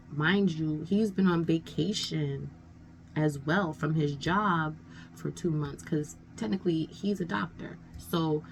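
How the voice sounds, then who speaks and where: Low, gravelly-voiced woman rambling a story. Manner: rambling, many fillers like 'like' and 'um'; exasperated, talking things through out loud. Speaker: storytime vlogger. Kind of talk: casual storytime chat.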